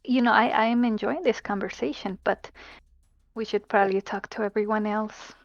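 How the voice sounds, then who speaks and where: A woman player speaking in character during a tabletop role-play game, in a playful, drawn-out way. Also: medium pitch, steady tone, gravelly, no room sound, highs cut off.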